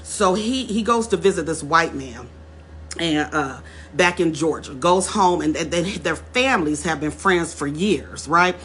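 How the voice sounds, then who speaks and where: A woman's voice: deep voice, lively intonation, measured pace, fairly bright tone, slight background noise. A woman telling a story straight to her viewers in a casual vlog, calling them y'all, repeating words as she goes and building to emphatic points. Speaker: vlogger. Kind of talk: casual direct-to-camera storytelling.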